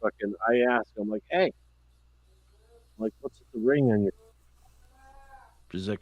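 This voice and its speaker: A man's voice: on the low side, takes it slowly, long pauses. A man on a podcast telling childhood stories in casual chat, cursing often and acting out the people in his stories. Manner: profane, animated storyteller. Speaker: podcast host.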